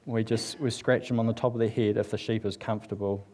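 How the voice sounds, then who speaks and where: Speaking fast in a lowish, mellow voice with little pitch movement, a man delivers a joking, chatty sermon at a church service before a live congregation, with a bit of hiss or hum audible. Fillers run throughout, and he reads passages aloud.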